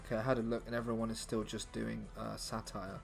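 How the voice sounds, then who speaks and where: A man's voice: fairly low pitch, completely flat delivery, quick pace, vocal fry, soft background music. A man comedian writing a script live on stream, musing and thinking aloud with his viewers, often trailing off mid-thought.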